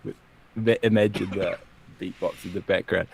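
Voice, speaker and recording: A man co-hosts a casual livestream chat with a gravelly, creaky voice at a middle pitch. He talks in a playful, joking way. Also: steady tone, moderate pace, darkish tone, a little hiss or hum. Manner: playful, jokey. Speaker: podcast co-host.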